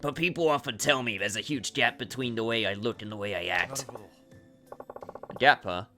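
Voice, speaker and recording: A man's voice: medium pitch, moderate pace, bright, forceful tone, soft background music, lightly acted. A man doing a coy young hostess with a mock accent. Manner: put-on mock Chinese accent.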